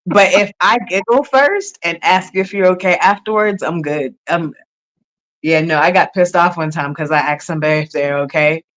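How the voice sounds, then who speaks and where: A woman comedian on a podcast as a guest, telling stories in casual chat, giggly and animated, swearing casually. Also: lowish voice, moderate pace, rough recording. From United States.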